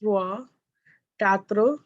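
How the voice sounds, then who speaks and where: A woman's voice: mid-range voice, extremely slow. Woman student on a dull, lo-fi call. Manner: repeats words after the teacher, polite.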